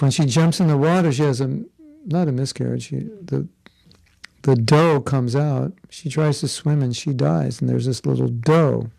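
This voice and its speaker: A spiritual teacher in Florida gives a conversational devotional class, telling a story filled with asides and jokes. His medium-pitched voice has a dark tone and vocal fry.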